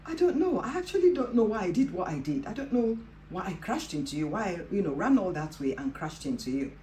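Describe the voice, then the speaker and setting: A woman's voice: fairly low pitch, very animated, a little fast, warm tone, a little hiss or hum. A woman voicing a flustered teenage schoolgirl who stammers in bewilderment. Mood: bewildered. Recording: roomy with faint ambience.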